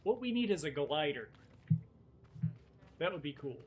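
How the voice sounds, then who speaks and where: A man's voice: a little high, big pitch swings, a little slow, narrow, tinny audio. A man streaming a video game, joking and talking to himself as he plays. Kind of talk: casual gameplay commentary. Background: game music.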